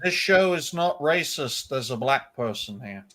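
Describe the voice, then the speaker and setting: A man co-hosting a casual livestream panel over a video call, teasing the others and reading text aloud haltingly. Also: medium pitch, expressive, fairly bright tone. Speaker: co-host.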